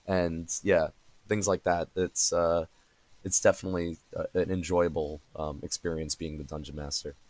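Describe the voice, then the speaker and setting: A man's voice: low voice, flat delivery, normal speed, darkish tone, no echo. A young adult man hosting a podcast in casual conversation, rambling with many fillers and restarts. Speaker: podcast host.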